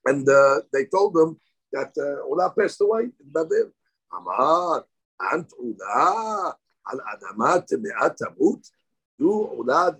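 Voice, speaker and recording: A man's voice: medium pitch, fairly bright tone, slightly rough, rough recording. A man teaching a live Talmud class. He reads Aramaic lines aloud, explains them in English, and rises sharply on key points. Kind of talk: daily Talmud class lecture.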